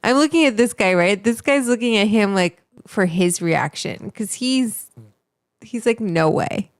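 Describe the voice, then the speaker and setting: A woman's voice: on the high side, animated, unhurried, no echo. A woman hosting a livestream, reacting to clips in loose, giggly casual chat and swearing freely. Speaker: livestream host. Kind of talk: casual live reaction commentary.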